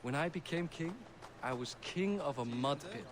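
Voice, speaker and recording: A man's voice: a little high, expressive, normal speed, a crowd in the background, natural voice. An actor playing a proud, hearty middle-aged Norse king in a video game. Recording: game audio over loud city ambience.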